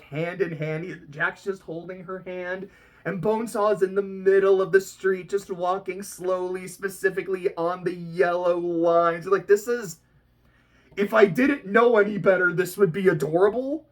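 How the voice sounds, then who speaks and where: A reaction vlogger talking casually about a book they are reading, animated, often laughing and swearing casually. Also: medium pitch, moderate pace.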